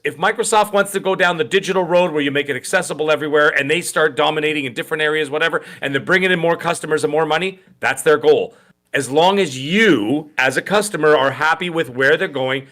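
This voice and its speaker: A middle-aged man co-hosting a gaming podcast in rambling, animated casual chat with many restarts. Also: on the high side. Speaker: podcast co-host.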